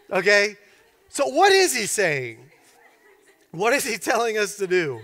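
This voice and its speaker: High-voiced preacher in a reverberant hall. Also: male voice. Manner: animated storytelling, acts out characters. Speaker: pastor. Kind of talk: sermon.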